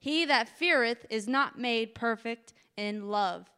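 A woman's voice: a little high, slow, pushed and bright, smooth. A woman preaching a testimony sermon with passion, her voice cracking with emotion as it builds.

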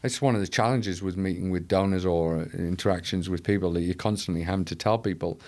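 A man's voice: low-pitched, fast, a little mellow. A man talking as an interview guest in a passionate, rhetorical way, often leaning on quotes to rally listeners. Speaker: guest, leader of an anti-trafficking charity. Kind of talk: conversational interview.

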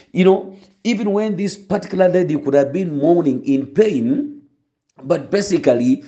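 Mellow preacher. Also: male voice, a little high. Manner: fervent, storytelling, many restarts. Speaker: pastor. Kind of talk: sermon and prayer. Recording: dull lo-fi recording.

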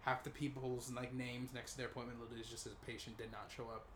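A man in his twenties casually telling a long personal story, animated, with lots of fillers and acted-out voices. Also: medium pitch, fast talker, a little hiss or hum. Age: 20s. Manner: animated, acts out quoted voices, many fillers.

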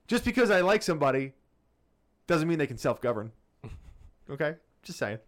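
A man co-hosting a casual podcast chat, telling a profane, animated story. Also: fairly high pitch, moderate pace. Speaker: podcast co-host.

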